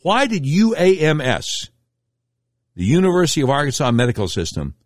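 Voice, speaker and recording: A man's voice: wildly swooping pitch, moderate pace, no room sound, studio quality. A middle-aged man hosting a radio talk show, delivering a political commentary monologue in an emphatic, indignant way. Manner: emphatic, indignant storytelling with sharp pitch swings.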